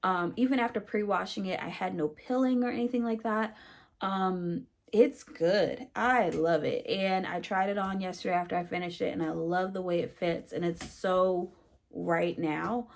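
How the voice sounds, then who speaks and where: A woman's voice: on the low side, fairly even intonation, normal speed, gravelly. A woman vlogger chatting casually to the camera about her sewing projects, with frequent fillers and a friendly, talkative manner. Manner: chatty, many fillers, says "y'all" and "you guys".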